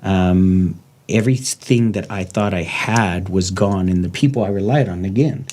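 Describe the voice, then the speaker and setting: A middle-aged former lawman hosts a podcast, speaking bluntly, rawly, and from the heart in candid conversation. His voice is low-pitched with a darkish tone and a moderate pace.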